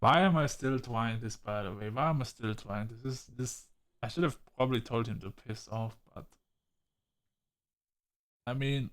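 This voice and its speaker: A man's voice: mid-range voice, normal speed, long pauses, fairly bright tone. Male gamer ranting and swearing. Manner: heated, swearing rants at the characters. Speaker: game streamer. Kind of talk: let's play commentary.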